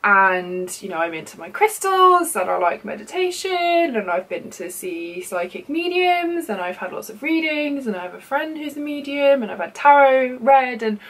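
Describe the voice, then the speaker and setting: A woman's voice: sits high, big pitch swings, moderate pace, few pauses, a bit bright, rough recording. Woman, twenties, casual vlog chatter, reads a creepy story aloud, rambling filler words. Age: 20s. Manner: chatty and rambling, many likes and ums. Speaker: beauty YouTuber.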